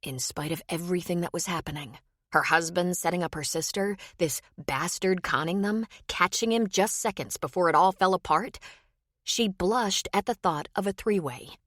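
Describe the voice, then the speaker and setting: A woman narrating a romance audiobook in measured scripted storytelling. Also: fairly low pitch, no room sound, clean studio sound.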